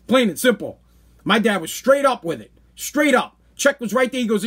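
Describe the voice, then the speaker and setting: A man's voice: high voice, expressive, fairly quick, husky. A man hosting a podcast, telling a personal story in a blunt, profane, worked-up way. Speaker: podcast host. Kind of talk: casual storytelling.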